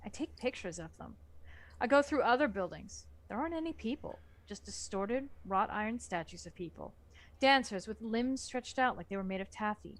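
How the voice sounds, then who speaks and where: A woman's voice: mid-range voice, moderate pace. A woman reading a horror novel aloud for a book club, narrating expressively. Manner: expressive narration with lively swings.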